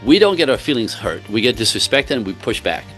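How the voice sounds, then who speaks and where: A man's voice: mid-range voice, very animated, brisk, a bit bright, faint music behind. A man speaking as a relationship coach in casual podcast talk, earnest and emphatic, often laughing between points.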